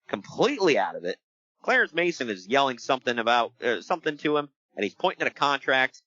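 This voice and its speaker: Jokey male podcast co-host, lively and bright, dull dry close mic. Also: medium pitch, no room sound. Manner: animated, jokey, does quick voices for quotes. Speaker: podcast co-host recapping wrestling. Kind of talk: casual chat. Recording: dull lo-fi sound.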